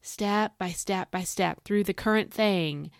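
A woman's voice: mid-range voice, takes it slowly, gravelly, no room sound, clean studio sound. A middle-aged woman hosting a devotional podcast, chatty and playful, piling up emphatic repetitions and asides. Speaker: podcast host. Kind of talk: upbeat devotional podcast talk.

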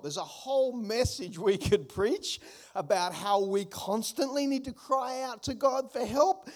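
A man preaching a sermon as pastor, earnest, often repeating words and building up emphasis. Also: high voice.

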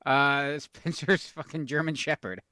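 A man's voice: fairly high pitch, fairly even intonation, a little slow, pushed and bright, no room sound. A man co-hosting a podcast, teasing his friend with dry banter in casual chat. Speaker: podcast co-host.

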